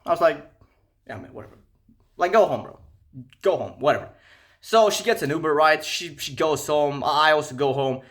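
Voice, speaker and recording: A young man telling a casual, profane storytime rant, animated and incredulous. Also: on the high side, moderate pace. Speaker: vlogger.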